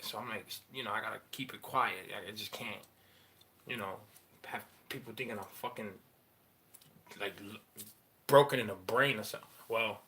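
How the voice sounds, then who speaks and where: A man in a candid personal monologue, rambling and profane, halting often with fillers as he talks about his feelings. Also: on the low side, sharp tone, a little hiss or hum. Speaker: father sharing personal story.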